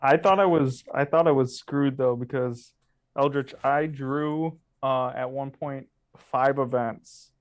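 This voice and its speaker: A man's voice: mid-range voice, fairly even intonation, takes it slowly, no room sound. Male player, mid voice, easygoing game recap, dry call audio. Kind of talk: post-game interview.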